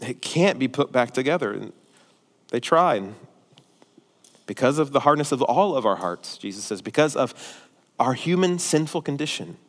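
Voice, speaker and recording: A male pastor preaching a sermon, forceful and emphatic at times and quiet and pastoral at others. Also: medium pitch. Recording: long hall reverb.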